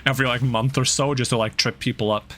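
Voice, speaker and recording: A man's voice: mid-range voice, steady tone, fast, pushed and bright. A man streaming a video game, playfully joking, teasing the enemies and chatting to himself as he plays. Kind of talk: live gameplay commentary.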